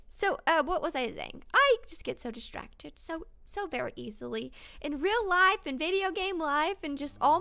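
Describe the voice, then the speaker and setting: Young woman, gaming YouTuber. Bright, bubbly, lively delivery with easy tangents. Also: extremely high pitch, creaky. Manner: bubbly, chatty, easily distracted. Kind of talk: casual let's-play chat.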